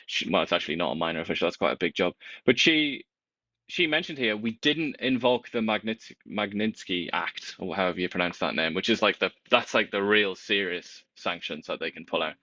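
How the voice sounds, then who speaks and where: A man co-hosting a casual political chat, talking in an animated, wry way with big swings in pitch. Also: fairly quick, dry recording, dull audio.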